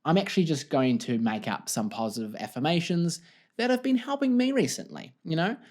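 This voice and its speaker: A man's voice: a little high, animated, fairly quick, a little mellow. Rambling self-deprecating man hosting a podcast. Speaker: podcast host. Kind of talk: casual solo podcast monologue. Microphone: desk mic, wearing headphones.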